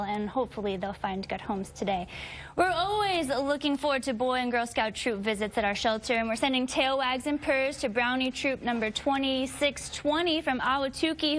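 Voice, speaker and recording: A woman host with a bright, polished delivery, reading scripted segments about rescued pets. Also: high voice, a little hiss or hum.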